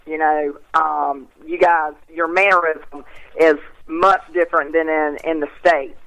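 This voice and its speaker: A woman's voice: low-pitched, steady tone, a little slow, a bit bright, no room sound, poor audio. Southern woman phoning in as a guest, chatty and folksy, dry close sound. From North Carolina. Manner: chatty, folksy, laughs easily. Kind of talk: casual phone interview. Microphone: telephone.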